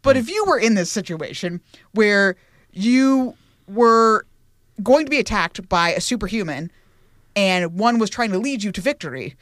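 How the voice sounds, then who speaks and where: A woman's voice: mid-range voice, expressive, moderate pace, dry recording, clean studio sound. A woman co-hosting a podcast in casual chat, chatty and laughing, acting out quotes from the show. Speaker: podcast co-host.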